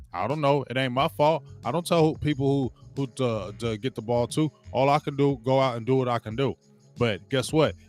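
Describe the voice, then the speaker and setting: A man in the middle of a heated sports rant, talking at an ordinary mid pitch. He repeats himself and trips over his words, then mimics the people he criticizes. Faint music plays behind him. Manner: heated, repetitive, stumbles and restarts, mocking quotes. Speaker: sports show host. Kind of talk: opinionated sports commentary rant.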